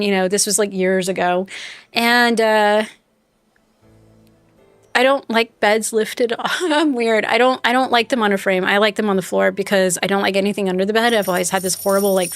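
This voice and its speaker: A woman's voice: medium pitch, fairly bright tone, dry recording. A woman streaming a game live, telling a rambling story in casual chat and talking back to her viewers. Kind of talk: casual chat while playing.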